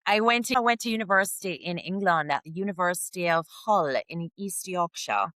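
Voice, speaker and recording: A middle-aged woman from Jamaica, a podcast guest telling stories in casual, animated chat full of "like" and "you know". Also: fairly low pitch, brisk, no echo. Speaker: guest, real estate agent.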